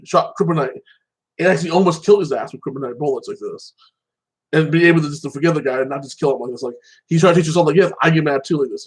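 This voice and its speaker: A young man talks on his own about a TV show in a loose, rambling way. His voice sits a little high for a man. He keeps leaning on the same filler phrases as he thinks aloud. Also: poor audio. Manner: rambling, fills with "like this" and "like that". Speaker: show commentator. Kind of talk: casual solo chat.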